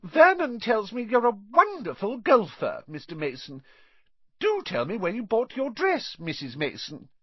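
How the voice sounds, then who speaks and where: A man reading a story aloud, voicing a fussy, snobbish middle-aged woman in a high, prim, gushing voice. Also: huge pitch swings, unhurried, breathy edge, no room sound, muffled recording, exaggerated voice. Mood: simpering. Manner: gushing, affected politeness.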